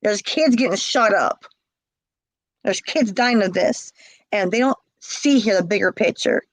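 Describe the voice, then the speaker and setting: A middle-aged woman being interviewed tells an emotional personal story with passion, repeating herself and acting out the calls she quotes. Her mid-range voice is unhurried, and the low-quality recording has no room sound.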